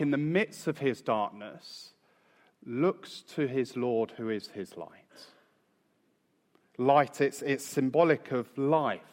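A man preaching a sermon in a measured, emphatic way, slowing down to stress key phrases. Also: medium pitch. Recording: long reverb in a large hall.

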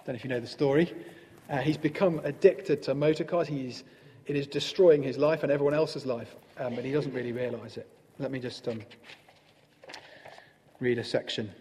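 A man preaching a sermon in a gentle, conversational manner with pauses. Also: medium pitch, steady tone, in a large hall, a little hiss or hum.

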